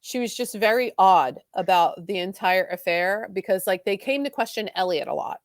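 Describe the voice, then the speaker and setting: A woman co-hosting a podcast talks fast and animated as she recaps a soap opera, full of "like"s. Her voice sits in a middle range and sounds dry and close to the mic. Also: mid-range voice, no echo. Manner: fast, animated retelling with many "like"s. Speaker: podcast co-host.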